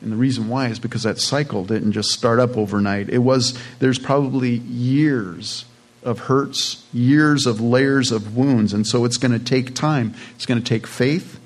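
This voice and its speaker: A man's voice: medium pitch, fairly even intonation, unhurried. A man preaching a sermon in a plain, conversational way, with casual asides to his congregation. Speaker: pastor.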